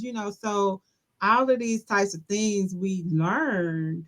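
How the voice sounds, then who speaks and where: A woman's voice: medium pitch, slow, a bit bright. A woman host in casual conversation, loose and chatty, laughing often. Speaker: podcast host. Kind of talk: casual chat.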